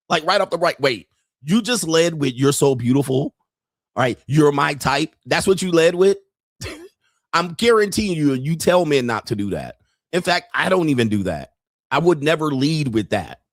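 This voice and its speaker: A man's voice: on the high side, sing-song, unhurried, dry recording, clean studio sound. A man hosting a commentary show, reacting bluntly and mockingly with profanity and laughter. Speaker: podcast host.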